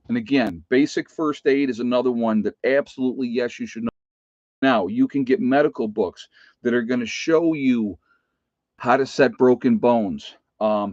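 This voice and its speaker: A man's voice: mid-range voice, a little mellow, no room sound, lo-fi sound. A middle-aged man who works as a nurse, chatting casually to viewers about preparedness, stressing points and checking in with "okay?" and "folks". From United States. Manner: emphatic, repeats "okay?" and "folks". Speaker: nurse giving preparedness advice.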